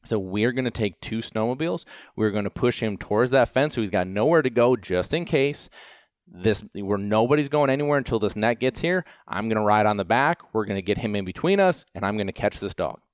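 A man who trains gundogs, casually telling a long story in an animated, self-deprecating way, with lots of fillers. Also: on the low side, fairly quick, dry recording, clean studio sound.

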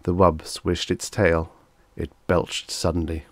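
A male audiobook narrator reading a vintage science fiction story in a measured, storytelling manner. His voice is very low, and the recording is close and dry with no room sound. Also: level tone, no room sound. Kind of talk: scripted narration.

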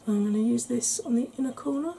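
A woman explaining her makeup steps in a soft, chatty ASMR tutorial, often clearing her throat. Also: a little high, fast talker, poor audio. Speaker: beauty vlogger.

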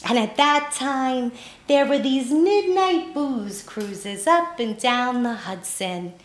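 A woman doing a slow, earnest little old lady. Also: sits high, animated. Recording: echoey room.

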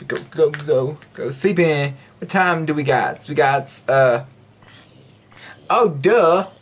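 A man's voice: on the high side, takes it slowly, a little hiss or hum. A man giving rambling, jokey commentary while he plays a video game, talking to himself and his viewers. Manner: rambling, jokey self-talk; breaks into playful singing. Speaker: gaming video host. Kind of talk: casual let's-play commentary.

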